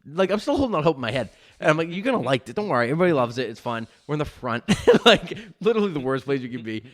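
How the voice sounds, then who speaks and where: A man, telling a long, profane, rambling story in casual podcast chat. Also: mid-range voice. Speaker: podcast host.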